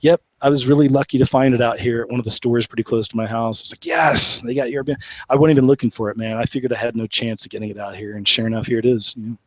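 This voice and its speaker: A man from Oklahoma, USA, hosts a casual live-stream chat, rambling earnestly and laughing often. His medium-pitched voice keeps a steady tone and races along with few pauses, and the recording is rough, with no echo.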